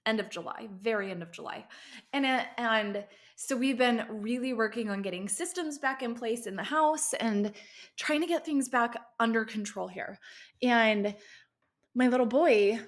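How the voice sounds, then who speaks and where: A woman's voice: a little high, a little slow. Chatty woman giving a parenting pep talk. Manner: chatty storytelling with many asides. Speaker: parenting podcast host.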